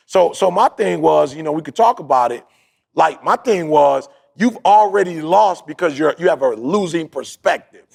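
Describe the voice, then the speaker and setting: Gravelly, animated man telling a story. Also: fairly high pitch, moderate pace. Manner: animated, slangy, acts out his own quotes. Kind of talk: casual storytelling chat.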